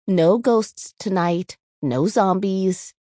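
A woman voicing a quiet, thoughtful schoolgirl in a higher, soft voice. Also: slow pace, dry recording, clean studio sound, lightly acted. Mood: calm, gentle. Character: quiet, thoughtful schoolgirl who startles easily.

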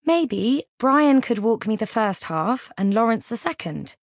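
A woman voicing a patient young bride who speaks gently and diplomatically. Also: a little high, sing-song, measured pace, no echo, clean studio sound, pitched above the performer's own voice. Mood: diplomatic. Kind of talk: audiobook character voice.

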